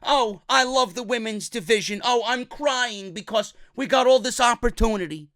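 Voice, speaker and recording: A man's voice: very high-pitched, moderate pace, pushed and bright, voice pushed up. A man putting on a mocking, sing-song voice of a sentimental woman wrestler who gushes. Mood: gushing. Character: gushing, tearful woman wrestler, sugary and sentimental.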